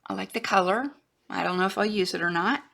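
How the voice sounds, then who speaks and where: Woman craft vlogger, gravelly and bright-toned, rambling show-and-tell, slips into soft whispers. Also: medium pitch, fast. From Florida, USA. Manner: chatty, rambling, trails off and restarts, drops to a whisper at times.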